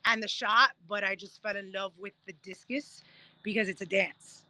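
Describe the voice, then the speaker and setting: Bright-voiced woman telling her story. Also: mid-range voice, normal speed, no echo. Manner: animated, acts out quoted voices while telling stories. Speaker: guest, Paralympic discus thrower. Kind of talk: casual storytelling interview.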